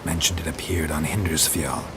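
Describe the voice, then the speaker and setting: An actor voices a laconic male witcher monster hunter in terse video game dialogue, his very deep voice steady at normal speed. Loud, heavy rain fills the noisy background of the game audio.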